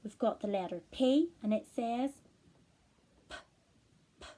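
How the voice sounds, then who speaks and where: A woman teacher reading a picture book aloud to children, expressive and encouraging, asking them to read along and spot rhymes. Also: a little high, normal speed. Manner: expressive, encouraging, asks the listener to join in. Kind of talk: read-aloud storytime lesson.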